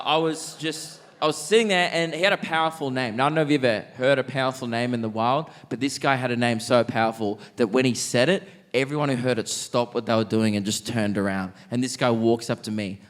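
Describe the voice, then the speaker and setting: An Australian man doing stand-up in a theatre, telling a story quickly and with lots of animation. His voice sits at an ordinary middle pitch. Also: steady tone, in a large hall. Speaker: stand-up comedian. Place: theatre stage.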